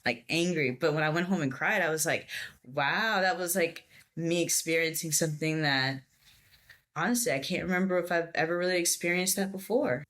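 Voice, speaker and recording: A woman's voice: deep voice, normal speed. A young adult woman, a podcast guest, telling a story in casual chat and acting out the people she quotes. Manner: animated storytelling, acts out quoted voices.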